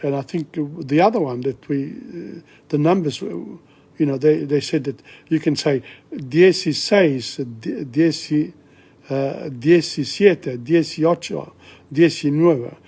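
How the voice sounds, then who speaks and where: A man's voice: fairly high pitch, creaky, darkish tone, husky. An older man giving a casual, rambling language lesson at home, often correcting himself as he goes. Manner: rambling, self-correcting, slow and chatty. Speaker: language teacher.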